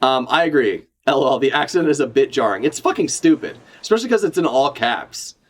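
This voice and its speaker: A man talking casually to his stream about a comic chapter, his voice sitting at an ordinary middle pitch. He rambles, swears freely and keeps correcting himself mid-sentence. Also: very animated, brisk. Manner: rambling, profane, self-correcting. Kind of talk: casual live reaction chat.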